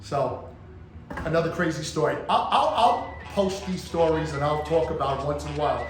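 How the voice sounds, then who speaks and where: A man's voice: a little high, normal speed, music in the background. A man hosting a storytelling vlog as a jeweler, telling an anecdote and acting out what people said. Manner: animated storyteller, acts out quotes. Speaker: jeweler and channel host. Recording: echoey room with faint ambience.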